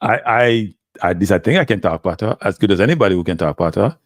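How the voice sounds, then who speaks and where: A man's voice: on the low side, lively intonation, fast, no echo, clean studio sound. A man with a Jamaican accent hosting a live stream, talking casually and switching between standard English and patois. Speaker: live show host.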